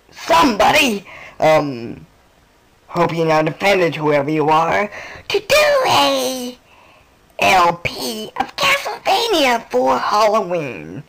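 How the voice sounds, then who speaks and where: A man giving sarcastic video game commentary, jumping between high and low tones. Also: creaky, a bit bright, a little hiss or hum. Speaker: let's play commentator. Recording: game music under the voice. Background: game music.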